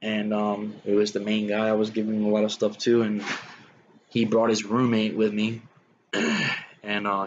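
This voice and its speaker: Casual storyteller, young man, low flat voice, rambling with fillers, slightly dull recording with faint hiss. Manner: rambling, frequent fillers like "man" and "you know". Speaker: guest telling his life story.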